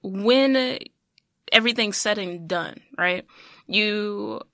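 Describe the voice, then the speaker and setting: A male podcast host talks in an easygoing way, filling his questions with "like" and soft restarts. His voice has a gravelly, fried edge with a bright, forward tone. The sound is dry and close, with no room behind him. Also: sits high, slow, no echo. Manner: relaxed, trailing fillers like "like". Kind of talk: casual interview chat.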